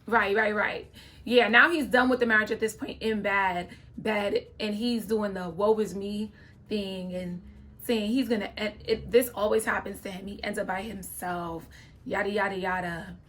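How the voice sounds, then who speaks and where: A woman's voice: mid-range voice, steady tone, normal speed, a bit bright. A young adult woman hosting a reality-show reaction video, giving opinionated casual commentary straight to her viewers. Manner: opinionated, talks straight to viewers, frequent "okay?" asides.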